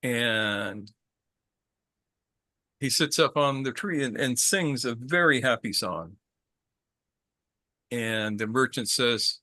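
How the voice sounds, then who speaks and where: A man tells an old story to a small group at an easy, slow pace. His voice is bright and forward, and he often repeats words as he goes. The sound is dry, with no room echo. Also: mid-range voice. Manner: casual, repeats words, asks the group questions. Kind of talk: telling a traditional story to a group.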